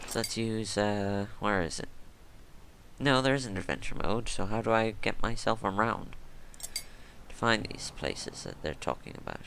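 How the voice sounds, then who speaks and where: A man's voice: on the low side, unhurried, creaky, fairly bright tone, slight background noise. A man giving casual gameplay commentary, musing and thinking aloud as he plays.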